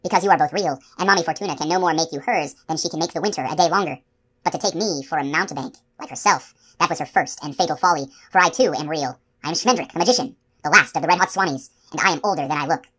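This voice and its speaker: A tall, earnest male magician from a storybook, as a woman narrator reads him. He declares his lines with proud theatrical flair. The voice stays low. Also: fast talker, fairly bright tone, husky.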